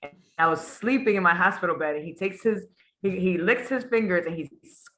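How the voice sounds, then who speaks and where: A woman student sharing personal stories in a class discussion, animated and acting out the voices of the people she quotes. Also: lowish voice, fairly quick, a little hiss or hum.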